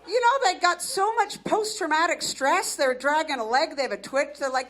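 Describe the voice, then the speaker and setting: A woman's voice: high-pitched, very animated, normal speed, few pauses, a bit bright. A woman in her fifties doing a brash, self-mocking stand-up set, working the crowd on a club stage with a handheld mic. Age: 50s. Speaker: stand-up comic. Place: comedy club stage before a live audience. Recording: live club recording with audience noise.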